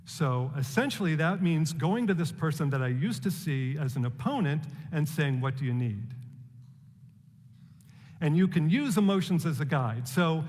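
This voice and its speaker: A man giving a prepared public talk, measured and deliberate, asking rhetorical questions. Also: fairly high pitch, lively intonation, darkish tone, big-room sound.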